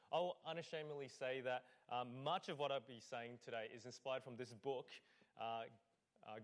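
A man, a lead pastor and a parent, preaching a conversational sermon in church with frequent fillers. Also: mid-range voice. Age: adult parent. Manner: conversational, with fillers; acts out scenes.

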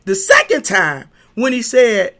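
A woman preaching a sermon, moving from hushed talk to shouting, repeating herself and stumbling over fillers. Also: a little high, very animated, a little slow. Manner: impassioned, swings from hushed to shouting.

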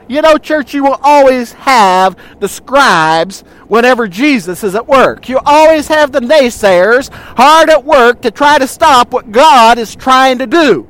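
A man's voice: very high-pitched, lively intonation, a little slow, few pauses, a bit bright. A male pastor preaching a sermon, speaking directly to the congregation and retelling scripture with rhetorical questions.

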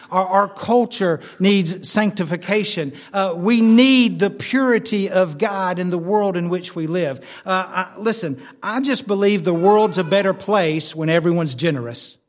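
A man preaching with an unusually high voice and an earnest, heartfelt delivery. He stammers and restarts often, repeating his points for emphasis. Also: a little slow, few pauses. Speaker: pastor. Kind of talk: sermon.

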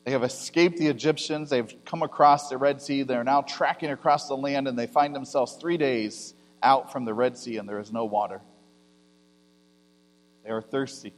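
A male pastor giving a conversational sermon, rising to loud emphasis and dropping to quiet asides. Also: mid-range voice, steady tone, moderate pace. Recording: long hall reverb with mains hum.

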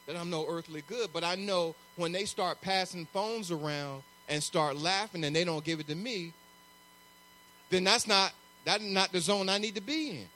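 A man preaching a sermon as pastor, conversational and animated, acting out little asides. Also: sits high, a little hiss or hum.

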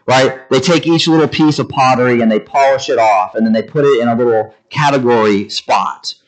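Casting note: male preacher, mid-pitched voice, deliberate, stresses each word, teaching a congregation. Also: poor audio. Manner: slow deliberate emphasis on each word, varied delivery. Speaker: pastor. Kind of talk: sermon.

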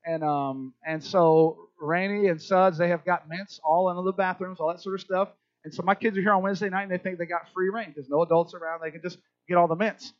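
A man's voice: high voice, steady tone, brisk, no room sound. A middle-aged man preaching a sermon to a church crowd, chatty and conversational, often checking in with his listeners. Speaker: pastor. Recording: dull lo-fi dry sound.

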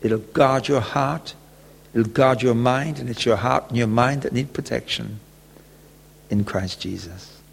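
A man preaching a sermon, telling a gentle personal story and often chuckling. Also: medium pitch, measured pace, gravelly, a little hiss or hum. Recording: long echoey reverb.

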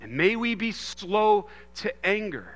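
A man in his thirties giving an earnest sermon, moving from loud emphasis to hushed storytelling. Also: high-pitched, big pitch swings, takes it slowly, long reverb tail. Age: 30s. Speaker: pastor.

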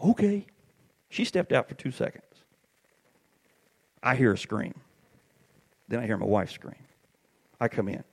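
A middle-aged man preaching a sermon, telling stories with animated swings up to shouted peaks. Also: on the low side, measured pace, creaky, pauses often, breathy edge.

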